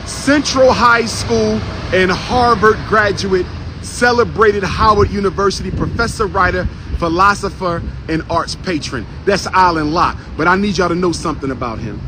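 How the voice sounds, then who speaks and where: A man's voice: sits high, background noise. A man giving a fiery outdoor speech to a crowd, repeating his lines with a preacher-like cadence. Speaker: street speaker. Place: outdoors on a city street by a historical marker.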